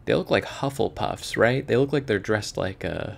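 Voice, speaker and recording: A man's voice: fairly low pitch, moderate pace, gravelly, crowd noise. A man from Florida giving casual, sarcastic let's play commentary, wandering off into digressions. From Florida, USA. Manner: rambling, sarcastic, digressive storytelling.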